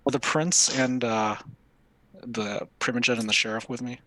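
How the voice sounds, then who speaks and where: A man's voice: mid-range voice, fairly even intonation, normal speed, bright, forceful tone, a little hiss or hum. A man playing a tabletop role-playing game, talking casually and tentatively about what his character does. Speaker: player. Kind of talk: tabletop play chat.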